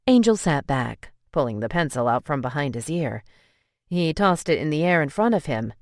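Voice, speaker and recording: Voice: mid-range voice, very animated, a little fast, dry recording. Dry, close audiobook narration.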